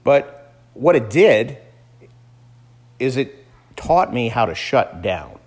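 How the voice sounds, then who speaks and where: A man in his thirties, a father telling a story in a casual, conversational way, with frequent restarts. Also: fairly low pitch. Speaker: father talking to camera. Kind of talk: casual vlog monologue.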